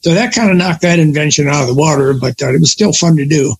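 A man's voice: fairly high pitch, fast, husky, low-quality recording. Older man reminiscing, rambling and self-correcting. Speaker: guest. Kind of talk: casual conversation.

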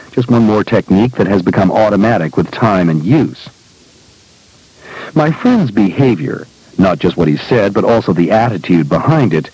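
A man reading a personal essay aloud in a measured, deliberate storytelling manner. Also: lowish voice, darkish tone, breathy edge, no room sound, low-quality recording. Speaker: speaker recounting personal experiences.

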